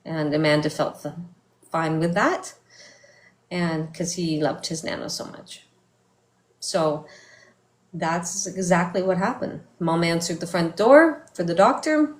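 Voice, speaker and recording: A middle-aged woman telling a personal story in a vlog, speaking softly and haltingly, with many fillers and restarts. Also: fairly low pitch. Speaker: vlogger. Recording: echoey room.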